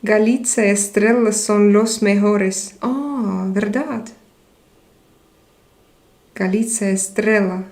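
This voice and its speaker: Slow-talking woman streamer. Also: medium pitch, darkish tone. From Russia. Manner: reads viewer comments aloud and answers them. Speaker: live stream host. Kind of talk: casual live chat reading comments.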